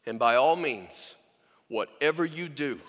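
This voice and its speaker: A man's voice: medium pitch, expressive, measured pace, fairly bright tone, in a large hall. A man preaching a sermon as pastor, earnest and urging, hammering his points home with repeated commands.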